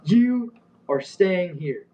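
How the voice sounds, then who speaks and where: A bossy store manager barking orders in a raised, higher voice, as a young man puts him on in a story. The sound is dull and a little distant from the mic. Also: moderate pace, slight background noise, close to an everyday voice. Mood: stern. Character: angry male store manager, stern and bossy.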